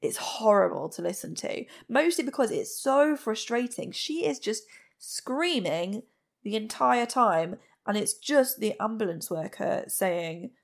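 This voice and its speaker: Lady doing a true crime podcast, gravelly creaky voice, blunt and chatty. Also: mid-range voice, lively intonation, a little slow. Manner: plain-spoken, blunt asides while recounting a case. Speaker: podcast host.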